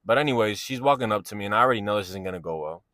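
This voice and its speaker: A man's voice: lowish voice, lively intonation, very fast, a bit bright, no echo. A man, telling a personal story in a casual, slangy, rambling way and often asking "you know what I'm saying".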